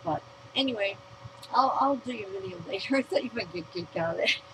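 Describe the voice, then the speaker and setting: A woman's voice: medium pitch, animated, a little fast, background noise. An American woman vlogger reading her own written rant aloud, blunt, profane and outspoken.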